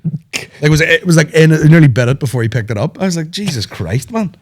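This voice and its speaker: A man's voice: a little high, fast. A man with a cold, a comedian hosting a podcast in casual chat, telling stories with lots of swearing and laughter. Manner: sweary, animated storytelling, laughs often. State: sick with a cold.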